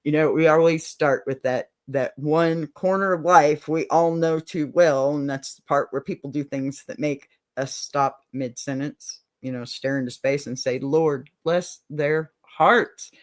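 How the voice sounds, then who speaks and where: A woman's voice: low-pitched, fairly even intonation, normal speed, hardly any pauses, darkish tone. An older woman from Texas with a Southern accent, hosting a casual show. She chats freely and laughs often. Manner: chatty, laughs often, says y'all. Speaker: podcast host. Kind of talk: casual chat.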